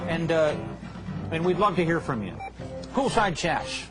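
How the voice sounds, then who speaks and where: A man hosting a comedy webcast, with dry, sour deadpan put-downs, and music playing behind him. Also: a little high, unhurried. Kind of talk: deadpan comic chat.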